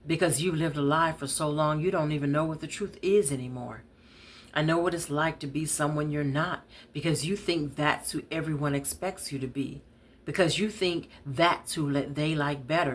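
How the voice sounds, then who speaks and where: A woman's voice: deep voice, slight background noise, close to an everyday voice. A woman voicing an earnest man who presses a woman to be honest. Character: intense man pleading with a woman.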